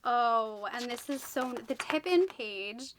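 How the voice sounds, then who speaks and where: A woman's voice: fairly high pitch, expressive, normal speed, a bit bright, slight background noise. A woman vlogging a book unboxing in a chatty, gushing way, full of exclamations and asides.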